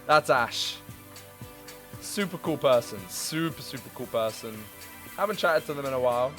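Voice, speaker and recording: A man's voice: mid-range voice, animated, normal speed, a bit bright, soft background music. A young man in his twenties chatting casually on a gaming stream, rambling, swearing and laughing as he talks.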